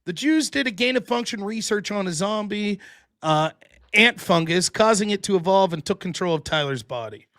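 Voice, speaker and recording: A man hosting a podcast in casual chat, reading viewer messages and joking around. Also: high voice. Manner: animated, joking, quick to laugh. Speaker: podcast host reading super chats.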